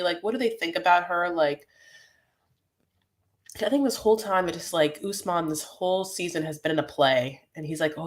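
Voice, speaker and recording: Hosting a laid-back live recap, a woman with a voice on the low side drifts from idea to idea in loose chatter. She constantly says "like" and "you know," breaking off again and again for brief asides.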